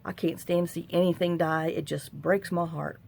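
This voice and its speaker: Low, gravelly-voiced woman crafter. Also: steady tone, normal speed, a little mellow, a little hiss or hum. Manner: rambling, chatty storytelling with sighs and asides. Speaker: crafting tutorial host. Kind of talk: casual crafting tutorial chat. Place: home craft room.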